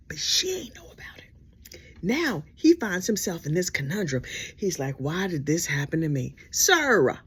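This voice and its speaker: A woman telling a gossip story in casual storytelling style, animated and sassy with dramatic asides. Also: on the high side, husky.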